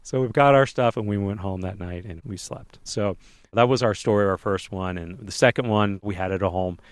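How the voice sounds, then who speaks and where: Fast-talking man telling a story. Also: lowish voice, no room sound. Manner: lively, fast anecdotal telling. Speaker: podcast co-host telling a story. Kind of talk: casual storytelling.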